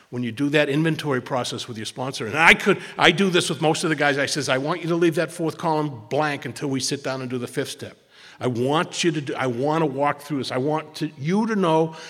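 A man shares his testimony at a recovery meeting in a storytelling way. He acts out the lines of the people in his story and often doubles back on his words. His mid-pitched voice rings with the long reverb of a hall. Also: a bit bright, slightly rough. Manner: storytelling, acts out quoted dialogue, repeats words. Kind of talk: personal testimony talk.

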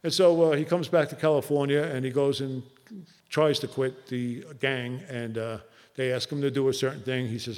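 A man's voice: mid-range voice, fairly even intonation, darkish tone. Earnest man telling a recovery story. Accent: New Jersey. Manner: earnest, halting with many fillers. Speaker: recovery meeting speaker. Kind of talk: personal storytelling talk. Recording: long hall reverb.

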